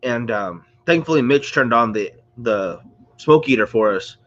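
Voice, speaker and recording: A man hosts a casual livestream, rambling, chatting, and greeting viewers while sounding congested and under the weather. His mid-range voice has lively intonation and a slightly slow pace. The sound is lo-fi, with the mic close to a screen or phone.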